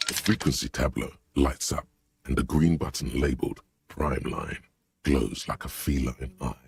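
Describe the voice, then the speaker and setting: A man voicing a grave omniscient game narrator, with slow, measured descriptive delivery. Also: fairly even intonation. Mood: solemn. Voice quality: very deep, gravelly voice. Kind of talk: scripted narration.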